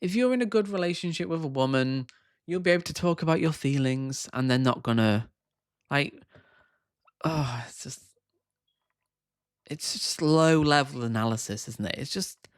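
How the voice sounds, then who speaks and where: A man's voice: fairly high pitch, expressive, normal speed, pauses often, clean tone, no room sound, studio quality. A man giving reaction commentary on video clips, scornful and sarcastic in his asides.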